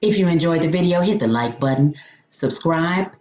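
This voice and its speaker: A woman whose voice sits low and darkish, with lively intonation, hosts a cooking show at normal speed. She chats playfully, calls viewers honey and baby, and exclaims over the dishes, all in dull audio.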